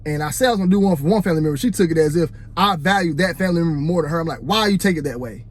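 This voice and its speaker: A man with a fairly high-pitched voice gives his take into a phone held close. He sounds casual but preachy, speaking straight to the guys watching. He keeps circling back to his point with conversational fillers. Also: racing. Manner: preachy, addresses "fellas", repeats "you know what I'm saying". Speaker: vlogger. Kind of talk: casual opinion monologue.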